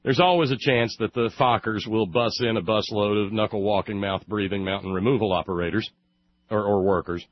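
A man's voice: fairly low pitch, fairly even intonation, a little fast, dry recording, dull audio. A man hosting a casual talk show, sarcastic and rambling with many fillers and restarts. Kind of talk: casual radio monologue.

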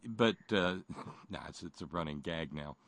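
A middle-aged man co-hosting political talk radio, sardonic and halting, with frequent restarts and stammers. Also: low voice, fairly bright tone, dry recording. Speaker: radio host.

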